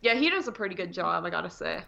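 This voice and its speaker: A woman's voice: lowish voice, very animated, quick pace, vocal fry, bright, forceful tone. A woman co-hosting a casual film review chat, giving brief, agreeable replies. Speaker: podcast co-host. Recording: dull, muffled recording.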